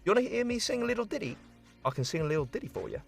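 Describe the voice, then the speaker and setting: A man's voice: high voice, rapid-fire, gravelly, soft background music, pitched above the performer's own voice, full character voice. A man voicing a wandering changeling bard with a put-on New Zealand accent, chatty and easygoing, calling people "mate". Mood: friendly. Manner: relaxed, chatty, says "mate".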